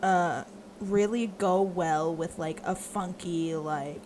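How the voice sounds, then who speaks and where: A woman's voice: lowish voice, slow, darkish tone, a little hiss or hum. A young woman gushing about favorite songs in casual podcast chat, rambling with many fillers.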